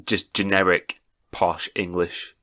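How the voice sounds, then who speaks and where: A man's voice: low-pitched, level tone, takes it slowly, bright, forceful tone. A man co-hosting a podcast, casually giving his opinions on films and explaining them at length. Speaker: podcast co-host. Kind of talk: casual film discussion.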